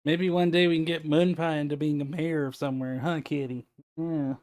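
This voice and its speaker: A man's voice: a little high, flat delivery, fairly quick, a little mellow, no room sound, studio quality. A man hosting a casual livestream, chatting with viewers and talking baby talk to his cat. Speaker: livestream host. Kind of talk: casual stream chat.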